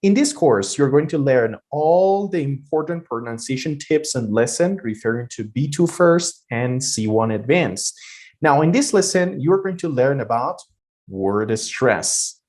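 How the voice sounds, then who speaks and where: A man teaches an online pronunciation lesson with a lively, animated voice. He explains each point and says example words over again. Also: medium pitch, a little slow.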